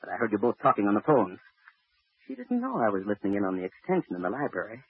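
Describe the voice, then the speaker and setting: An actor playing an unhinged jealous husband who taunts and laughs eerily, in 1940s radio acting on an old broadcast. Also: male voice, on the low side, huge pitch swings, quick pace, breathy edge, phone-quality sound, full character voice. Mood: accusing.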